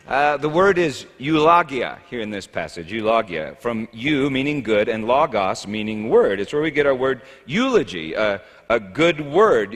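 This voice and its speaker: A man's voice: medium pitch, a bit bright. A man preaching a sermon as a pastor, talking in a wry, conversational and humorous way. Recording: echoey hall reverb.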